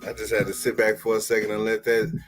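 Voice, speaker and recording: A man's voice: fairly low pitch, monotone, quick pace, faint music behind. A man hosting his own podcast, telling stories in a loose, playful, slangy way. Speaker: podcast host. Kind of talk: casual solo podcast monologue.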